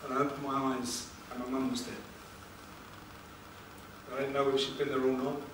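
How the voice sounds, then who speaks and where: A man tells an emotional personal story to a seminar audience, pausing for effect and putting questions to the room. His voice sits at an ordinary pitch and is picked up from a distance. The room is very echoey, with clear background noise. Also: level tone. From England. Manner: emotional, dramatic pauses, rhetorical questions to audience. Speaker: motivational speaker.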